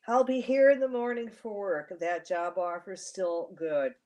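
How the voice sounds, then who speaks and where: A woman's voice: mid-range voice, fairly even intonation, normal speed, warm tone, distant mic, lightly acted. Apologetic desperate young man from a storybook read by a woman. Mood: remorseful.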